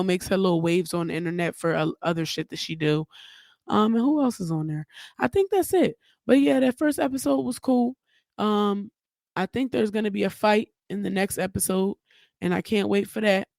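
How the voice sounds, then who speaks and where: A woman's voice: mid-range voice, no echo, studio quality. A woman hosting her own podcast, giving blunt, profane, chatty commentary in a casual solo talk. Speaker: podcast host.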